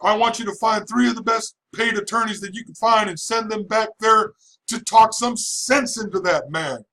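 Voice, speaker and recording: A red-faced, furious judge yells in a high, strained voice, as a man puts him on. His outrage comes out loud and pitched well above a normal speaking voice. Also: moderate pace. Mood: furious yelling. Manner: shouting, outraged. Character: furious male trial judge, yelling.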